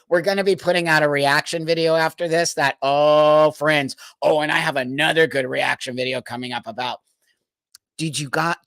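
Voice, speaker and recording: A man's voice: a little high, fairly bright tone, dry recording. Exasperated man ranting on a live stream. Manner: exasperated ranting, swears, laughs in disbelief. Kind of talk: casual live stream commentary.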